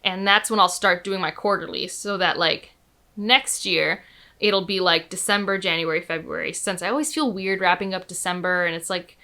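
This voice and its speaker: A book vlogger with a lowish voice chats casually about books at a moderate pace, her tone bright and forceful. She gushes with enthusiasm and scatters "like" and "um" throughout her talk.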